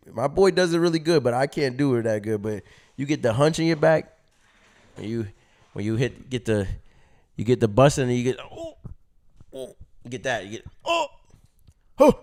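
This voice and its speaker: A man's voice: medium pitch, a little mellow. A young man vlogging, telling a story in a casual, slangy way and acting out his own past reactions.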